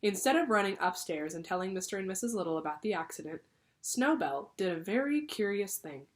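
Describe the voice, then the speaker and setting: A teacher reading a children's book aloud, pausing to explain the story to her class. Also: medium pitch. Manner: lively, pausing to explain to pupils.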